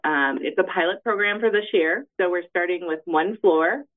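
A woman's voice: fairly low pitch, moderate pace. Woman on a tinny phone line. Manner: explanatory, with fillers. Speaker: university housing director. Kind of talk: phone interview.

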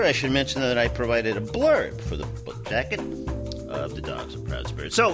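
Lively-voiced male radio host. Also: medium pitch. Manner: relaxed, with frequent uh fillers. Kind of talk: radio show hosting.

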